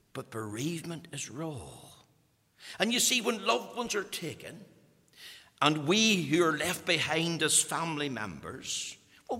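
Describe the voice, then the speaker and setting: A man preaching with passion, his voice gravelly and lively as it rises and falls. He drops to near-whispers and then swells again. A long reverb hangs behind him, as in a large church. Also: on the high side. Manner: impassioned, swinging from hushed to loud, repeating words when emphatic. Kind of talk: sermon.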